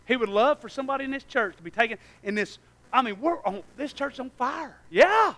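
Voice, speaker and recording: With lively intonation and a brisk pace, a pastor sermonizes in a strikingly high, bright voice. His delivery alternates between hushed, low asides and near shouting as he calls out to the congregation.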